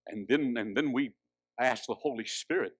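A man preaching a sermon, swinging from hushed, drawn-out lines to loud, high exhortation. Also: no echo, studio quality.

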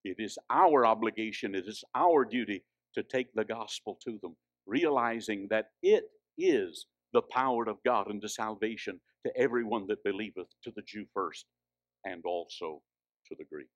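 A man preaching a sermon, swinging from hushed, drawn-out lines to loud, high exhortation. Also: animated, dry recording.

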